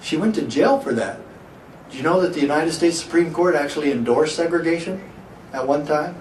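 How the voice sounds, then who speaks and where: A middle-aged sheriff gives a public speech, telling a story and posing rhetorical questions to the crowd. His voice is a little high and darkish in tone, delivered briskly with lively intonation. It's recorded from far off in an echoey hall, with faint hiss.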